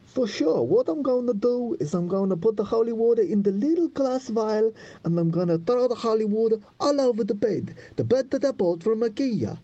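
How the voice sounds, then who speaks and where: A man's voice: high-pitched, animated, moderate pace, hardly any pauses, dark tone, lo-fi sound. A man chatting on a podcast, playfully hamming up a mock accent. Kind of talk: casual chat.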